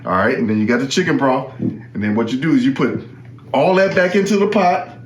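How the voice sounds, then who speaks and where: A man's voice: mid-range voice, brisk, roomy sound, slight background noise. A man hosting, walking through a cooking demonstration in a casual, chatty way and often repeating himself. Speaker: host.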